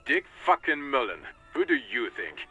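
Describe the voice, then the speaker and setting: Raspy, exasperated cop. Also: male voice, mid-range voice, sing-song, normal speed, pushed and bright, lo-fi sound, soft background music, exaggerated voice. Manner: irritated, swearing. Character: gruff, foul-mouthed male police officer.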